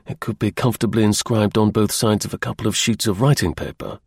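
A man's voice: lowish voice, fairly even intonation, fairly quick, darkish tone, breathy edge, no echo, clean studio sound. A man reading a thoughtful young agent.

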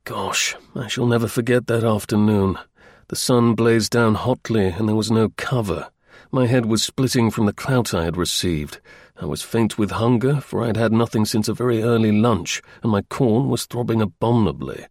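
A man reading a first-person story aloud as an audiobook narrator, in a measured, wry storytelling manner. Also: lowish voice, a little mellow, no room sound, studio quality.

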